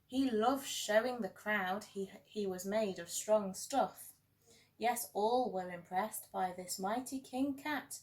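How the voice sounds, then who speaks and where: A woman teacher reading a rhyming picture book aloud in a gentle, sing-song storytelling way with playful emphasis. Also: medium pitch, takes it slowly.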